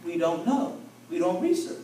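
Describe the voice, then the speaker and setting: Recorded from a distance in an echoing church convention hall with faint room noise, a bishop teaches through a folksy, conversational sermon full of call-and-response with his congregation. His voice is high, mellow, and very animated, moving at normal speed.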